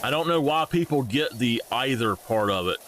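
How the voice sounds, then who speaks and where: Young guy rambling on stream, bright tense voice, faint hiss behind. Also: medium pitch, normal speed. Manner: animated, rambling, frequently laughing. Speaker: game streamer. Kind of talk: casual live-stream chat.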